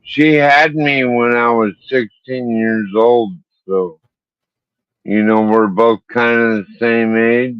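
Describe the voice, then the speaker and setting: A man hosting a casual live stream chat, talking slowly and laughing easily. His voice is at a middle pitch. The sound is dry and a little muffled. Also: fairly even intonation, clean tone, dry recording.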